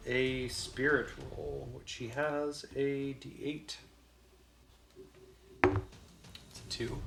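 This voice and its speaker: A man's voice: mid-range voice, slow pace, vocal fry, long pauses. A man narrating a solo tabletop game as game master, casual and loose with frequent fillers. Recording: voice over loud background music. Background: music.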